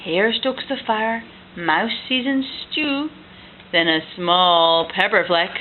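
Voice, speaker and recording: A woman at home retelling a picture book with a toddler, gentle and coaxing, often dropping to a hush. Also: mid-range voice, expressive, drawn-out words. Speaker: parent reading to a toddler. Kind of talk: bedtime story retelling. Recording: tinny lo-fi home recording, faint hiss.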